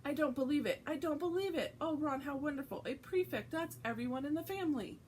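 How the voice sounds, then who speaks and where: A woman's voice: sits high, brisk, darkish tone, a little hiss or hum, pitched above the performer's own voice, natural voice. A woman voicing a doting, fussy middle-aged mother witch who gushes over her son. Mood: overjoyed. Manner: gushing, fussy.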